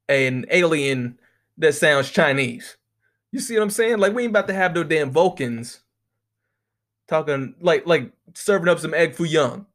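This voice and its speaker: This is an American man riffing through a comedic rant, swearing freely and drifting from one rambling story to the next. His voice sits a little higher than most men's, and he keeps up an animated, storytelling energy.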